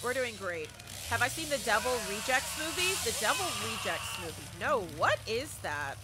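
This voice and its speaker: A woman chatting casually and excitedly on a live gaming stream, talking back to the game and thanking viewers. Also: on the high side, normal speed, very noisy.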